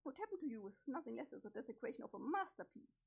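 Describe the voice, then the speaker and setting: A smug, grandiose cat spirit, put on by a woman, haughty and theatrical, pitched high and swooping widely. The voice has a husky edge and comes through dull lo-fi stream audio. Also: big pitch swings, fast talker, exaggerated voice. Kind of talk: reading a webcomic aloud with voices.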